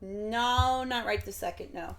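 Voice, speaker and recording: A woman's voice: mid-range voice, unhurried, a crowd in the background. A woman narrating as game master over a voice call, chatty and laughing often.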